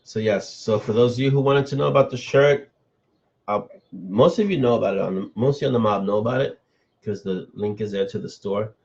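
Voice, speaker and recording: A man with a fairly low voice hosts a relaxed live stream, talking loosely and reacting to viewer comments as they come in. The sound is a bit dull and lo-fi, the way a computer microphone on a live broadcast comes across. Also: fairly quick, creaky. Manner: loose and chatty, reading and answering viewer comments. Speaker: author hosting a live stream. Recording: dull, slightly lo-fi stream audio.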